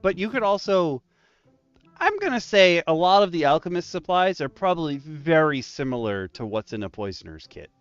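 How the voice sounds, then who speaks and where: Man, casual roundtable co-host, lively smooth voice, dry slightly dull stream audio. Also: fairly high pitch, moderate pace, no room sound, faint music behind. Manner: animated storyteller, laughs a lot. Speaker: dungeon master co-host.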